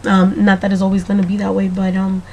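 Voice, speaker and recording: A woman keeping a casual video diary, chatty and rambling, talking straight to the viewer, slightly hoarse from allergies. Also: medium pitch, completely flat delivery, quick pace, mellow, a little hiss or hum.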